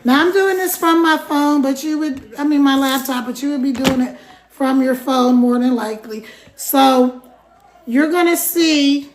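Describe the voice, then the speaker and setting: Middle-aged woman rambling on her live, high voice, shouting out viewers by name. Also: fairly even intonation, a little slow, background noise. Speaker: TikTok live streamer. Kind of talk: casual live-stream chat.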